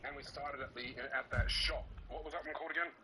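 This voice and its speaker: A man's voice: a little high, fairly even intonation, fast, background noise. A man chatting casually with a friend while gaming together, laid-back with brief replies. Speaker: co-player friend.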